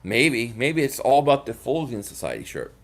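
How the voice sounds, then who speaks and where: A man from the Philadelphia area runs a fan livestream, rambling through a frustrated rant while reading out comments from the chat. His voice is medium in pitch, sing-song and a bit fast.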